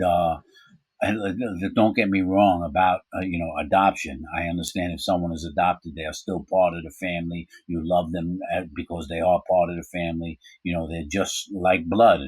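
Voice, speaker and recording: A man's voice: low voice, breathy edge, no room sound, low-quality recording. A man telling a personal story in a casual, rambling way, full of asides and fillers.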